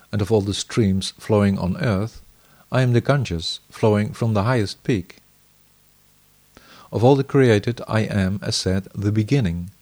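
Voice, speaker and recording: A man reading scripture aloud in the first person, measured, in short phrases. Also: on the low side, a little mellow.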